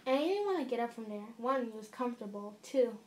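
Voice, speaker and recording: A woman's voice: a little high, animated, quick pace, a little mellow, slight background noise. A young woman casually narrating a second-person fan-fiction story, with a few slips. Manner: casual, informal reading with small slips.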